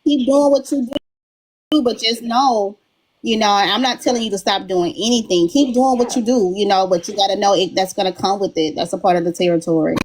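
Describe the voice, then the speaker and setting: A woman speaking in a relaxed, opinionated way on a livestream, leaning on fillers like "you know" and "um". Her pitch sits at a middle level for a woman, and she talks in a plain, conversational voice. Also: a little fast. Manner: opinionated, uses many fillers. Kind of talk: casual chat.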